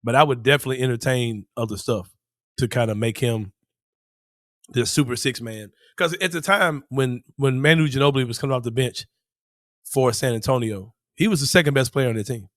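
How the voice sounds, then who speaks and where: A man co-hosting a sports podcast in casual chat, slangy and quick to laugh. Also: mid-range voice, fairly bright tone, dry recording, clean studio sound. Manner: slangy, laughs often, says bro. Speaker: podcast co-host.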